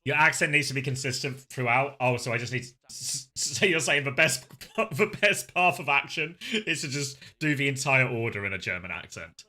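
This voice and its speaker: Male co-caster, very bright tone, jokey banter that turns into play-by-play. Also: medium pitch, animated, normal speed, few pauses. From United Kingdom. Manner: laughs often, bright joking banter. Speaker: esports caster. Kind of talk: casual co-casting and play-by-play.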